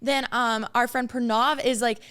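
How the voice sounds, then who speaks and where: Animated young woman telling a story. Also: fairly high pitch, normal speed, clear, resonant tone. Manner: animated, filler-heavy storytelling with acted-out quotes. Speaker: podcast co-host. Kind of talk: casual storytelling chat.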